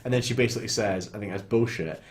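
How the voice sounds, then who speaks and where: A man co-hosting a casual film chat, retelling scenes with animated storytelling and frequent swearing. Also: lowish voice, quick pace, a little hiss or hum. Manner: animated storytelling, swears freely, quotes characters in little voices. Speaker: podcast co-host.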